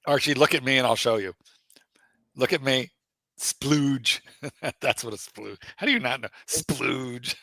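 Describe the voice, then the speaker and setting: A man co-hosting a casual livestream chat, teasing his partner with lively banter and frequent laughter. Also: mid-range voice, a little fast, no room sound. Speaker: livestream co-host.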